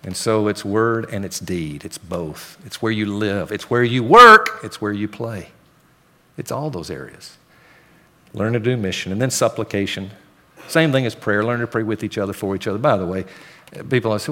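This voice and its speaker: A man's voice: fairly low pitch, lively intonation, normal speed, a bit bright. Storytelling male pastor preaching. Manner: storytelling, acts out dialogue in raised voice. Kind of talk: sermon.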